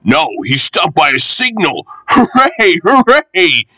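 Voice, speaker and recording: A man voicing an excitable bus, high and lively. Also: a little slow, breathy edge, no echo, exaggerated voice, rough recording. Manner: excitable, cheering. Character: excitable male road bus, brave and eager.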